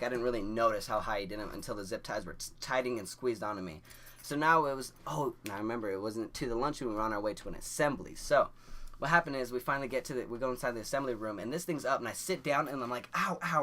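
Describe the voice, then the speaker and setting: A young man tells a story to his camera in a loose, rambling way, with restarts and a filler in nearly every phrase. His voice sits at a middle pitch, and he laughs his way through the funny parts. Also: fast talker, sharp tone. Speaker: vlogger.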